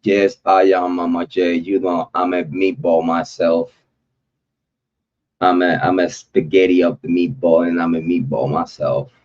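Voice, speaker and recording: A man hosting a true crime livestream, talking loosely and repetitively in slang, giving heartfelt shout-outs to viewers. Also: low-pitched, little pitch movement, unhurried, dull audio.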